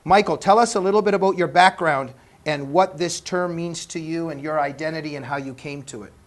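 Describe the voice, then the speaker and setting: A man's voice: on the high side, brisk. A man from Canada hosting a panel talk show, joking and laughing often. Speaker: host.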